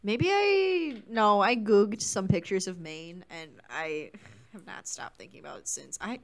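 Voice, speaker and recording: A woman's voice: mid-range voice, expressive, unhurried. Playful young woman joking around. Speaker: podcast co-host. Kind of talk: casual chat.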